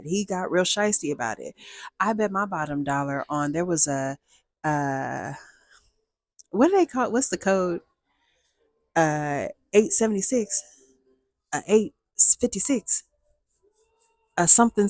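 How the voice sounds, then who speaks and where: Woman, casual storytime, animated and playful, lowish voice, dry close mic. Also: no room sound. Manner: animated, playful, acts out dialogue with big pitch jumps. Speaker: storyteller host.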